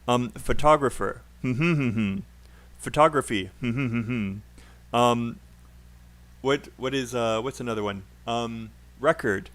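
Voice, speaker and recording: In a live online class, a medium-pitched man teaches English pronunciation, correcting students while staying encouraging and laughing often.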